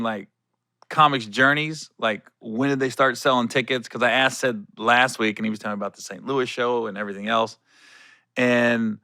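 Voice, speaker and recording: A middle-aged man hosting a solo podcast, telling a backstage story in a loose, animated way and acting out the people in it with a curse here and there. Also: mid-range voice, no echo, clean studio sound. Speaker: podcast host.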